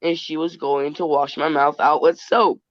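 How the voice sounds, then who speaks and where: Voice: medium pitch, little pitch movement, moderate pace, no echo, dull audio. A young person telling a funny childhood story in casual chat.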